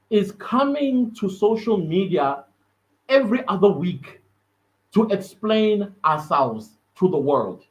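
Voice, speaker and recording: A man's voice: high-pitched, big pitch swings, takes it slowly. A South African man hosting a podcast, giving an earnest, emphatic solo commentary that repeats words for stress. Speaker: podcast host. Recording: slightly dull lo-fi audio.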